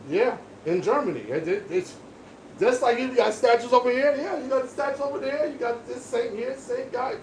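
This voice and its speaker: A man's voice: very high-pitched, animated, a little fast, recorded from a distance. A man talking casually while he works as a barber, speaking in an emphatic, lecturing monologue. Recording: echoey room with background noise.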